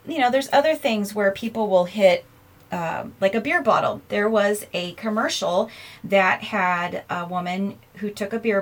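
A woman hosting her own podcast in a casual, chatty way, self-mocking and laughing often as she records herself. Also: medium pitch. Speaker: podcast host. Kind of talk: casual chat. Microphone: earphones in, recording herself.

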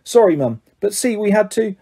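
A man's voice: high voice, sing-song, normal speed, vocal fry, mellow, slightly rough, pitched above the performer's own voice, heavily acted. A man reading aloud, voicing a teenage boy wizard trying to placate his mother in a jaunty way. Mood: placating.

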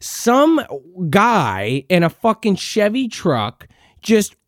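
A man's voice: high voice, no echo, studio quality. A man hosting a podcast, ranting in sarcastic, profane and exasperated reaction commentary. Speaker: podcast host.

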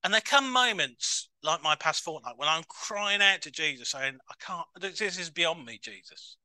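A man giving a chatty, self-mocking sermon as a minister in a church, breaking into excited voices when he acts out others. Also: on the high side, normal speed, dry recording.

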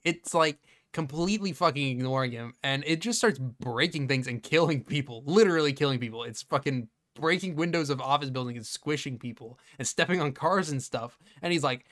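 A man hosting a podcast, retelling a movie scene by scene in a casual, profane and animated way. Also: medium pitch, fairly quick, hardly any pauses. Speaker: podcast host. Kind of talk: casual movie review chat.

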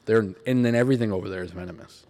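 A man's voice: fairly low pitch, racing, mellow. Crude, ranting podcast guy. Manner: profane, blunt, joking rants. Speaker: podcast co-host. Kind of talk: casual chat.

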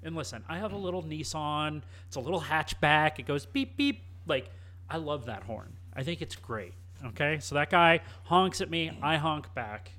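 A young man chats as co-host, relaxed and cheeky as he tells a story. His voice sits a touch higher than most men's. The talk is loose and conversational. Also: moderate pace. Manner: animated storyteller, casual and cheeky. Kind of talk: casual chat, storytelling.

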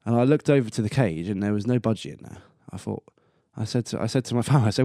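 A man's voice: on the low side, fast, hardly any pauses, mellow, dry recording, studio quality. A man hosting a casual solo podcast, rambling and chatty, swearing casually and laughing at himself. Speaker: podcast host.

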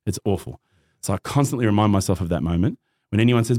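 A man's voice: lowish voice, fast talker. A middle-aged man with an Australian accent, telling a personal story in casual chat as a podcast guest, acting out the voices in it. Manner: animated, acts out quoted voices, laughs often.

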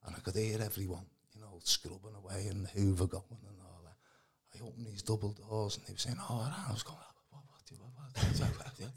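A man telling his personal testimony in a casual, animated way. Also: on the low side, fairly quick, few pauses, slightly rough. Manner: animated, acts out quoted voices, calls the host mate. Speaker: guest giving testimony. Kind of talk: casual storytelling.

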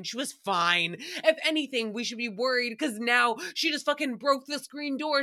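A woman's voice: a little high, normal speed, few pauses, sharp tone. A young woman hosting a podcast recap, rambling casually through stories and often breaking into giggles. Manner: giggly, rambling storyteller who breaks into laughter. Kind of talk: casual chat.

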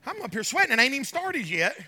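A man preaching in a church, his voice pitched very high and ringing bright. He drives his points home with rising, emphatic shouts, then drops into joking asides with the congregation. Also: a little hiss or hum. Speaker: pastor. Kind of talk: sermon. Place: church sanctuary. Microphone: handheld mic with trouble.

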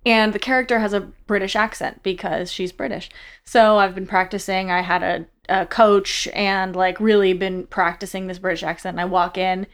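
A young American woman, a guest actress, telling animated stories in a casual interview and acting out the voices she quotes. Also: medium pitch, normal speed, smooth. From United States.

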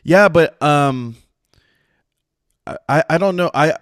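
A man's voice: fairly high pitch, takes it slowly, no room sound, clean studio sound. A man co-hosting a podcast, telling a story in casual chat, acting out the people he quotes and swearing freely. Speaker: podcast co-host.

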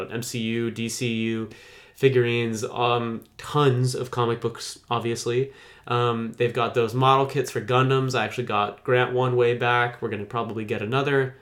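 A man's voice: medium pitch, a bit bright. A man hosting a podcast, rambling and jokey with mock defensiveness, just over being sick. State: recovering from illness. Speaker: podcast host. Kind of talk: casual podcast intro and ad read.

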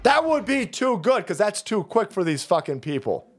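A man's voice: high voice, very animated, normal speed. A man hosting a political livestream, ranting in a heated, profane way. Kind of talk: ranting political commentary stream.

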